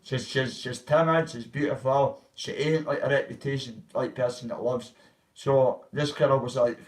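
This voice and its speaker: A man's voice: medium pitch, fairly even intonation, moderate pace. Male vlogger, casual profane storyteller, mid-range voice, sits back from the mic. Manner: rambling, profane, acts out quoted voices. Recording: voice a bit far from the mic.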